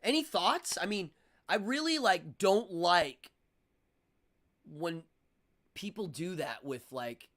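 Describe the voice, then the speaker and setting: Male streamer, casual and opinionated, slightly higher voice, rambling delivery. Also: animated, slow pace, long pauses, fairly bright tone. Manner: rambling, opinionated, with frequent fillers and restarts. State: out of breath. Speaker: livestream host. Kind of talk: casual livestream chat.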